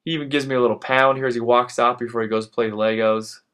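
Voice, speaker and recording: A man in his thirties talks through a workout as a fitness instructor. His voice sits at an ordinary middle pitch. He pushes hard with urgent encouragement and often sounds winded after the exercises. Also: fairly even intonation, fast, a bit bright, smooth. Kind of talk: workout coaching voice-over.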